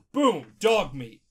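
A drunk young man co-hosting a podcast, rambling and swearing, and bursting into loud playacting. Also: high voice. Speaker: podcast co-host. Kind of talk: casual podcast chat.

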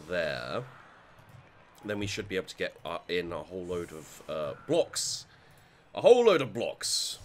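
A man's voice: deep voice, a little hiss or hum. A man talking through his own game as he plays, thinking aloud and swearing freely. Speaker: gaming channel host. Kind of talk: let's play commentary.

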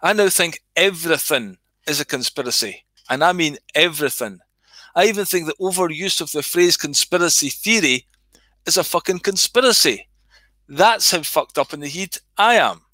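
A man's voice: on the high side, lively intonation, normal speed, pushed and bright, no echo. A middle-aged Scottish man reading his comedy skit aloud on a livestream, swearing freely and chatting to viewers.

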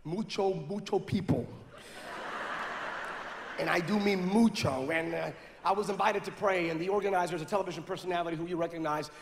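A man preaching a story-driven sermon, animated and rising at times to shouts. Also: high voice, fairly quick, vocal fry. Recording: echoey hall with faint noise.

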